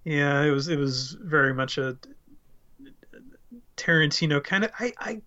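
Bright-voiced rambling man, dull lo-fi sound. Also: a little high, animated, unhurried. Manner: rambling, self-aware, given to tangents. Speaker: podcast co-host. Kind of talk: casual chat about movies.

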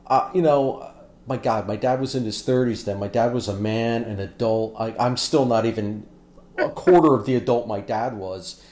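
A man co-hosting a casual movie chat, telling stories with animated, acted-out reactions. His voice sits in the middle range and carries a roomy echo. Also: mid-range voice, moderate pace. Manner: animated storyteller, acts out reactions loudly. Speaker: podcast co-host.

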